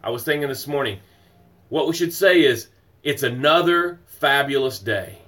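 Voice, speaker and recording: A man's voice: medium pitch, lively intonation, normal speed. Emphatic male motivational livestream host. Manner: emphatic and repetitive, greeting viewers by name; swings from loud exclamations to soft breathing guidance. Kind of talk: motivational live stream talk.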